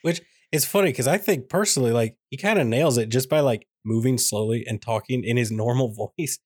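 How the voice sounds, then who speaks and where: A man's voice: mid-range voice, brisk, a little mellow, no echo, clean studio sound. A man co-hosting a casual movie review podcast, playful and emphatic, repeating phrases to build up jokes. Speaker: podcast co-host.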